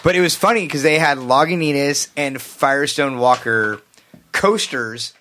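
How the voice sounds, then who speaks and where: A man's voice: medium pitch, moderate pace, noisy background. A man co-hosting a podcast, telling a story loosely with plenty of swearing. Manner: loose and profane, quotes himself in raised voice. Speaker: podcast co-host. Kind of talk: casual chat, telling a story.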